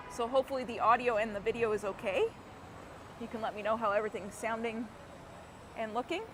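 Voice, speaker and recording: A woman's voice: fairly high pitch, steady tone, normal speed, pauses often. A woman hosting a casual live stream as she walks a city street at night, chatting with viewers by name and laughing often. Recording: outdoor street noise with traffic. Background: traffic and street noise.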